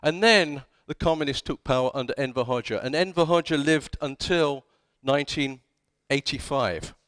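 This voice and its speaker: A man's voice: mid-range voice, moderate pace, fairly bright tone, no echo. A man giving a conference talk, telling history as wry anecdotes and acting out the quoted dialogue. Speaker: conference speaker. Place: conference hall.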